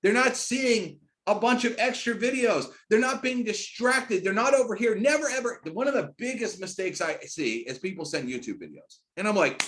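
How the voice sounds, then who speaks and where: A middle-aged man giving a screen-share sales training, hyped and emphatic, talking in rapid runs that jump into loud, high bursts. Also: lively intonation. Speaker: network marketing trainer.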